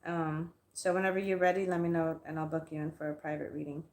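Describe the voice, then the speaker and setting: A woman's voice: low-pitched, steady tone, fast talker. A woman hosting a live stream and telling an angry story in a heated, profane rant. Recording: echoey room.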